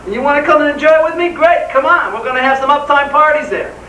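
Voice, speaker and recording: A man's voice: extremely high pitch, quick pace, bright, forceful tone, a little hiss or hum. A man giving a live motivational seminar speech, enthusiastic and firing rhetorical questions at the crowd. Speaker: motivational speaker. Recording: echoey hall, voice from far off.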